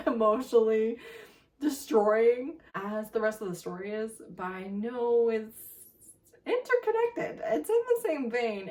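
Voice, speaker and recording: A woman hosting a casual reading vlog, talking in an animated, emphatic way and laughing often. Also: fairly high pitch, far from the mic. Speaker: booktuber host. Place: home room with laptop.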